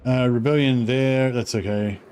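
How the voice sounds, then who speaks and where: A man's voice: medium pitch, fairly even intonation, normal speed, darkish tone, slight background noise. A man hosting a gaming channel, giving offhand commentary as he plays, thinking aloud and swearing now and then. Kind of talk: casual gameplay commentary.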